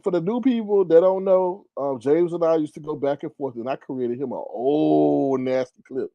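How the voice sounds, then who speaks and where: A man hosts a live stream, chatting casually with viewers, reading their comments aloud, and often exclaiming and laughing. His voice is on the high side and creaky, at a normal speed, with no echo and lo-fi sound.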